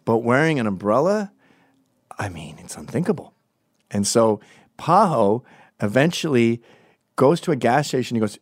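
A man with an American accent telling comic stories in a rambling, digressive way with deadpan asides. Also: medium pitch, normal speed, pauses often, no echo, studio quality. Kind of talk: comedic storytelling monologue.

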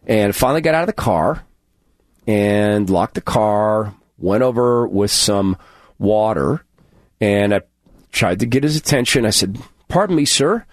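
A man hosting a radio show, telling a personal story in an earnest, halting way and acting out the dialogue. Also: fairly low pitch, animated, no room sound, clean studio sound. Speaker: radio host.

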